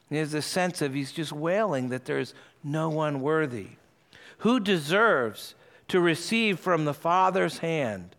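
A man's voice: fairly high pitch, a bit bright. A man preaching an expository sermon, explaining the passage and reading scripture aloud with earnest emphasis.

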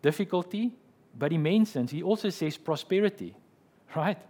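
Husky-voiced male pastor preaching. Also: high-pitched, expressive, moderate pace, mellow. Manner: explanatory, with frequent "okay" and "right". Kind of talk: sermon.

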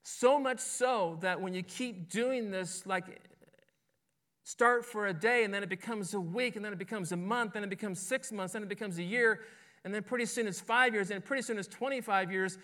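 A man's voice: high-pitched, moderate pace, fairly bright tone. A man preaching a sermon as pastor, in a conversational way that keeps checking in with listeners and repeats words as he goes. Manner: conversational, asks "right?" often, repeats words.

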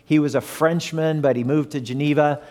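A man delivers a conversational sermon, turning to his listeners with questions as he goes. His voice sits a touch high for a man, and it rings out with a long reverb from the church hall around him. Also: steady tone, moderate pace, darkish tone. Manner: conversational, asks the audience questions. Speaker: pastor.

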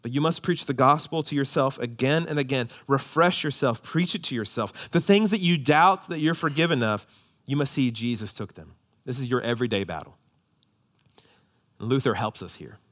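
A man preaching a sermon, swinging between hushed, low emphasis and loud, high-pitched exhortation. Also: animated, normal speed. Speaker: pastor.

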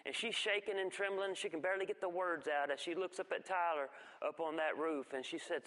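A man giving a folksy church testimony, telling stories with halting restarts. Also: on the high side, fairly bright tone. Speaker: guest speaker giving testimony. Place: church sanctuary. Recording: long reverb of a church hall.

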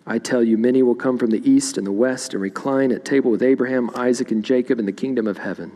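A man's voice: medium pitch, fast, warm tone. Man preaching in a reverberant church. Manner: expository preaching, reading scripture aloud. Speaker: pastor. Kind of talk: sermon. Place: church sanctuary.

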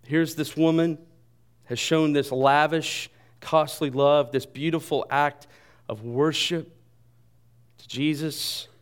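A man preaching a sermon, animated and joking at himself, dropping to a soft voice when he quotes. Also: on the high side, slow pace, clean tone. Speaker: pastor.

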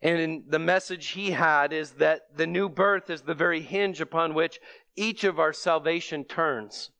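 A man's voice: a little high, unhurried, bright, forceful tone, no room sound. Earnest man preaching, dry close sound. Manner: earnest, with emphatic bursts on repeated phrases. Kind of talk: sermon.

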